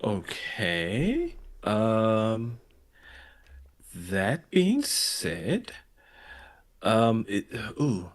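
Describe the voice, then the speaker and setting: A man's voice: lowish voice, huge pitch swings, extremely slow, long pauses. Hesitant man thinking aloud as a player. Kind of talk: tabletop game play.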